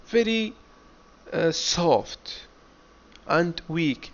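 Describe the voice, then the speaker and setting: A man teaching an English class, drilling words slowly and often asking "what?" before answering his own question. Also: a little high. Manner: slow, deliberate drilling, asks himself "what?" and answers. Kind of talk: classroom lecture. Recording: dull lo-fi recording.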